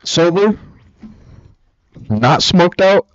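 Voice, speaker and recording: Teasing man with a lively voice. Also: sits high, extremely slow, dry recording. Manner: teasing and needling, slangy, says "dog". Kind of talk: casual chat. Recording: slightly dull lo-fi sound.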